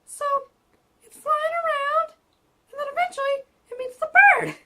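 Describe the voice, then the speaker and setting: Lady doing a super high squeaky mom, awkward and rambly, lots of ums. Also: moderate pace, pushed and bright, slight background noise. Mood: flustered. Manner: rambling, filler-heavy, flustered. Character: awkward flustered divorced mother.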